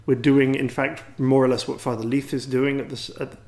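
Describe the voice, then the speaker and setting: A man's voice: medium pitch, little pitch movement, moderate pace, a little mellow. A man with an English accent, a priest and teacher, giving a wry, rambling, self-deprecating talk to a gathering. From England.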